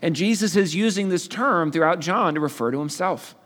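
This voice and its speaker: Brief male pastor, fairly high voice, casual storyteller, sermon in a big echoing hall. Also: a little fast, a bit bright. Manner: casual storytelling with playful asides. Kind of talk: sermon, conversational Bible teaching.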